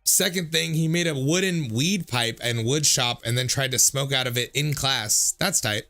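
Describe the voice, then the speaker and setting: A man's voice: mid-range voice, normal speed, pushed and bright, faint music behind. A man in his thirties, a streamer reading out viewer comments in a casual, jokey way, swearing freely and often laughing.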